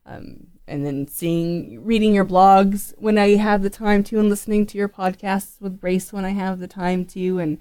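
A Canadian woman in a podcast conversation, lively and laughing as she tells stories, with a dry sound. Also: medium pitch, moderate pace, hardly any pauses, clean tone, no room sound. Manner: animated storyteller, frequent restarts and laughter. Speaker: podcast guest. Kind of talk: casual conversation. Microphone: Skype call.

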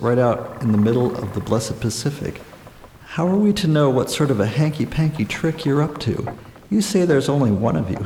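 A man doing a blunt, gruff fisherman. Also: medium pitch, mellow, a little hiss or hum. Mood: suspicious. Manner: blunt, rough-spoken. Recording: echoey room with long reverb.

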